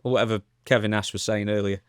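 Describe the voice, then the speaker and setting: A man's voice: lowish voice, flat delivery, quick pace, smooth, no echo. A man co-hosting a podcast in casual chat, teasing in a dry way. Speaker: podcast co-host.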